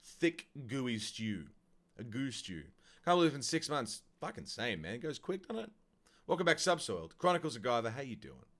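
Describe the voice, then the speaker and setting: A man's voice: medium pitch, big pitch swings, moderate pace. A man casually chatting on a game livestream, playful and profane as he talks to his chat. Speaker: streamer. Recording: loud game music behind.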